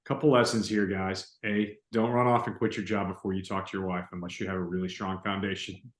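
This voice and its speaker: A man's voice: low voice, level tone, brisk. A man hosting a podcast, reflective and informal in casual chat. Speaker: podcast host. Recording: echoey room.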